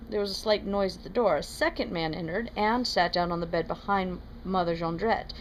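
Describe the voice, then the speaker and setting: A woman's voice: fairly low pitch, normal speed, a little hiss or hum, rough recording. Woman reading a classic novel aloud. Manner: steady, plain reading with small self-corrections. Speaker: reader.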